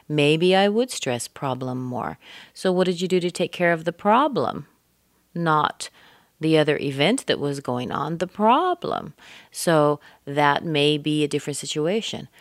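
A woman teaching English pronunciation, speaking deliberately and modeling words with exaggerated stress. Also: low-pitched, no room sound, studio quality. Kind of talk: pronunciation lesson.

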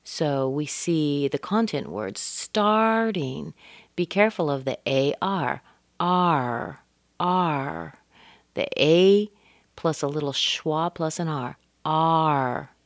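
Lady coach, deep-ish voice, slow, drills sounds over and over, dry close mic. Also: no echo. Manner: demonstrates sounds slowly, repeating words. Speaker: accent coach. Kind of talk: pronunciation lesson.

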